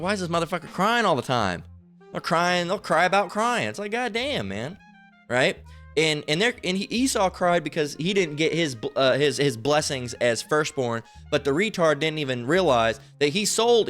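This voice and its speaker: A man giving informal online Bible teaching, rambling and profane, repeatedly asking "all right?" and slowly reading verses aloud. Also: fairly high pitch, a bit bright. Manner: reads scripture aloud slowly.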